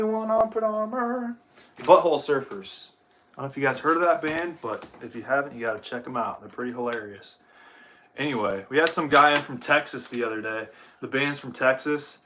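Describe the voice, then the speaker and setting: There's slight background noise as a young livestream host from Ohio, United States, talks fairly quickly in a bright, forceful, mid-range voice. He rambles and curses casually at his viewers, addressing them as "dude" while he gets his gear ready.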